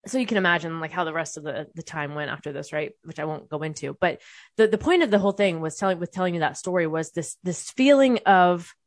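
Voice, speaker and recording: This young woman, a vlogger, talks quickly in a lowish voice as she tells her audience something personal. The recording is dry; she's open and conversational, cursing often and frequently starting sentences over.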